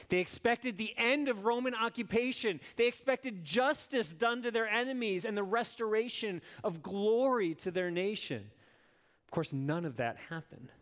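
Earnest man preaching a sermon. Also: a little high. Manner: earnest, emphatic, with rhetorical questions to the congregation. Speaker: pastor.

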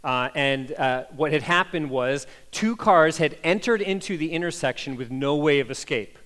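Male pastor, Midwest-raised, slightly high voice, chatty and animated in the pulpit. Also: normal speed. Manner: animated storytelling, frequent "like" and "right?". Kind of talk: conversational sermon.

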